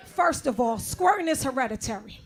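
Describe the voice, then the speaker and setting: A middle-aged woman doing a bawdy stand-up set, chatty and swinging from loud outbursts to low asides. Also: animated, brisk. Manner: bawdy, conversational, swings between loud shouting and low mutters. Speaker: stand-up comedian.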